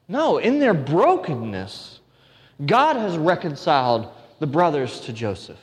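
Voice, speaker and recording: A man's voice: fairly high pitch, sing-song, unhurried. Earnest male preacher in a reverberant hall. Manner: earnest, with restarts and emphatic repetition. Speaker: pastor. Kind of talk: sermon.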